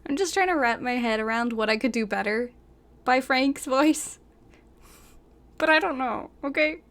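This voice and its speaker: A woman's voice: high-pitched, moderate pace, a bit bright. A young woman reading a story aloud and breaking off for giggly, chatty asides full of "like".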